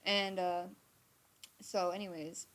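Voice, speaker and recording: A young adult woman, streaming from her computer, talks slowly in a fairly low voice over a faint hiss or hum. Her casual storytelling is animated, full of swearing, and she acts out the quoted lines.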